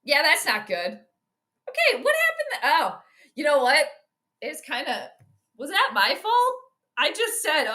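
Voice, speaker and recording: On a relaxed live stream, a woman calls a football game with excitable chatter, reading viewers' messages aloud and laughing a lot. She speaks in a high voice at a slow pace, leaving long pauses.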